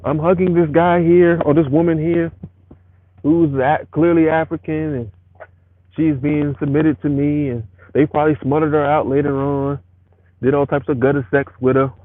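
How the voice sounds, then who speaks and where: A man's voice: on the high side, level tone, moderate pace. A man ranting on a live stream from home, rambling and profane as he talks straight to his viewers. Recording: tinny phone audio with faint hiss.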